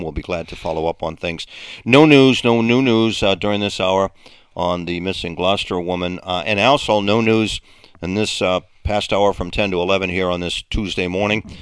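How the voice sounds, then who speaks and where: Deep-voiced New radio host. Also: male voice, a bit bright, clear, resonant tone, no echo, clean studio sound. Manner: halting, many fillers and restarts. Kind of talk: casual radio talk and announcements.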